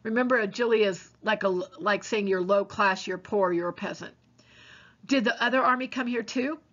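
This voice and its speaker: A woman, a teacher, reading a novel aloud for her students in a plain, unhurried way, with small slips she corrects. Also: mid-range voice, a bit bright, dull audio.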